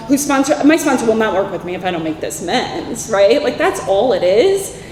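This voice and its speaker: A woman's voice: a little high, normal speed, slight background noise. Candid New York woman in an echoey hall. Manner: candid, animated storytelling with frequent "like" and "right?". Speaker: recovery meeting speaker. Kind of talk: personal testimony talk. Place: convention hall. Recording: echoey hall with faint ambience.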